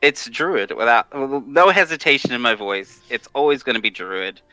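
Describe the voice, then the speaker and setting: A man's voice: mid-range voice, sing-song, moderate pace, sharp tone, no echo, soft background music, poor audio. A man from Washington state, chatting as a podcast guest, enthusiastic and laughing often, with stammering restarts. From Washington state, USA. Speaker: guest, tabletop content creator. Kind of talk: casual interview chat.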